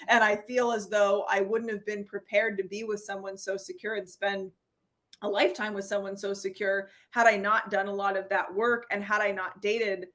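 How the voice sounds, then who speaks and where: A woman, a therapist guest in an interview, telling personal stories in a lively way, acting out dialogue and laughing often. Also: medium pitch, moderate pace. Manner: animated storyteller who acts out quoted dialogue and laughs often. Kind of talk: conversational interview.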